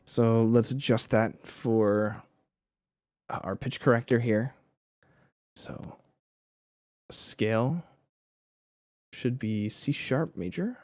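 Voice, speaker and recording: A man's voice: medium pitch, slow, pauses often, a little mellow, dry recording. A man streaming casually while making music, rambling with fillers and laughing at himself. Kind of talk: casual live-stream chat.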